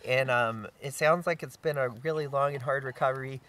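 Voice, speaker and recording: A man's voice: medium pitch, brisk, a crowd in the background. A man co-hosting a casual outdoor chat, easygoing and full of "uh" and "um" as he responds to stories. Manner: easygoing, filler-heavy encouragement. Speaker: co-host reading listener stories. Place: outdoors by a campfire. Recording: distant mic, faint noise.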